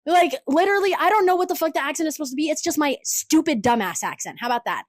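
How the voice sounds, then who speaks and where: A woman's voice: high-pitched, animated, fast, hardly any pauses, no room sound, poor audio. A woman hosting a solo podcast, ranting in a profane, exasperated and sarcastic way. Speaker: podcast host.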